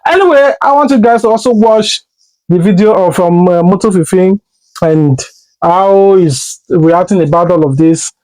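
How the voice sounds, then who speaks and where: A man's voice: high voice, normal speed, darkish tone, rough recording. A man with a Nigerian accent, earnestly explaining his own position to his viewers in casual commentary. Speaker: commentary vlogger.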